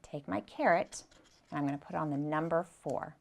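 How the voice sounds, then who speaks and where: A young woman teaching preschoolers, gentle and patient, speaking slowly and clearly and repeating her directions. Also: deep voice. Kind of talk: slow, clear lesson for young children.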